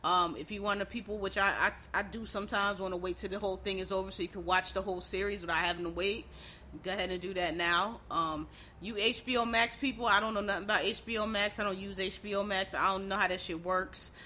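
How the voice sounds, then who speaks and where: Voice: mid-range voice, steady tone, quick pace, pushed and bright, a little hiss or hum. A vlogger giving a casual, rambling monologue review of a TV show, blunt and opinionated, with lots of fillers and swearing. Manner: frank, opinionated asides to viewers.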